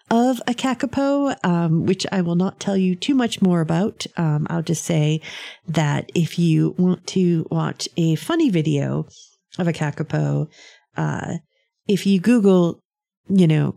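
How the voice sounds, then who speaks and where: A woman's voice: deep voice, creaky, mellow, breathy edge. A woman hosting a casual science chat, talking in a chatty, meandering way with frequent ums and small laughs.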